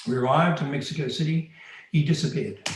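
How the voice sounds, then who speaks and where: A man's voice: on the high side, a little fast, slight background noise. A man telling a first-person story in an earnest, plain-spoken, conversational way. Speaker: storyteller recounting undercover work. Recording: very echoey room.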